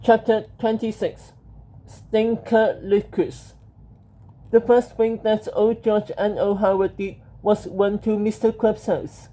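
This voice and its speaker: Slow mellow reader for a storybook, steady delivery, lo-fi sound. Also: mid-range voice. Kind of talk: storybook narration.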